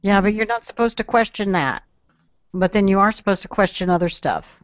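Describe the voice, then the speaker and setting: A woman co-hosting a casual podcast, chatty and quick to giggle. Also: mid-range voice, animated, dry recording. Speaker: podcast co-host. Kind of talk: casual panel chat. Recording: dry, dull lo-fi audio.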